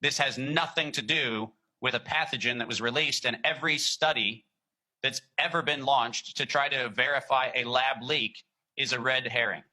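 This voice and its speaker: A man answering interview questions in an emphatic, deliberate way, slowing down to read quotations carefully. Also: medium pitch, pushed and bright, poor audio. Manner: emphatic, deliberate, reads quotes slowly. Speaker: guest.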